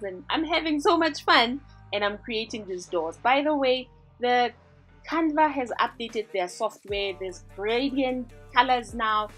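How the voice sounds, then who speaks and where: A woman's voice: mid-range voice, husky. A woman hosting a design tutorial, narrating a screen-recording voice-over in an upbeat, chatty way as she walks through each step.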